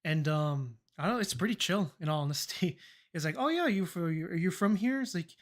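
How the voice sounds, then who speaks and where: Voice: medium pitch, animated, brisk. Young adult streamer telling rambling stories. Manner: rambling, laughing, swears, acts out quoted dialogue. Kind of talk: casual storytelling chat.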